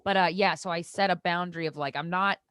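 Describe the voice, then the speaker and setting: A woman's voice: lowish voice, fast talker, clear, resonant tone, dry recording. A woman, a podcast guest in casual chat, telling stories with lots of swearing and acting out what others said. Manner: animated storytelling, acts out quoted voices, swears freely.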